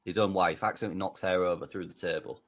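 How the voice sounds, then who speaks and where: A man's voice: sits low, fairly even intonation, fast. A man co-hosting a podcast, rambling through a comic story in casual chat. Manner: rambling anecdote, chatty. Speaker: podcast co-host.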